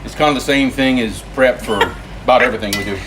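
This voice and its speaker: Cooking in his home kitchen, a man hosts a casual live stream, cracking jokes in an easygoing way. His voice is mid-range and quick, with background noise behind him.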